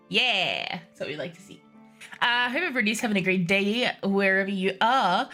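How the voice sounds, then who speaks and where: A woman game master on a live stream, chatty and quick to giggle between stretches of scene narration. Her voice is bright and clear, at a medium pitch. Faint music plays behind her. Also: lively intonation. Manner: chatty, giggly, scattered asides.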